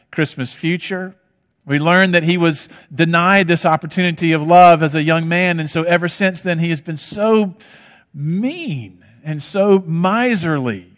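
A man's voice: fairly high pitch, a bit bright. A man preaching a sermon, telling a story and asking rhetorical questions, in a reverberant hall. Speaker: pastor.

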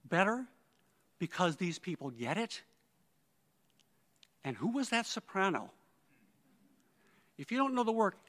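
A man's voice: high-pitched, fairly bright tone. A male conductor giving a heartfelt eulogy, telling stories and often quoting others. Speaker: conductor at a memorial. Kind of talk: eulogy speech. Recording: long reverb of a large hall.

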